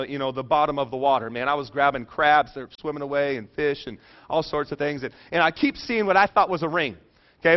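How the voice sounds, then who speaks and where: Middle-aged male preacher, storytelling sermon, lively and joking, fairly high voice, dull lo-fi sound. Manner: animated, joking, drops soft and low for emotional parts. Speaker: pastor.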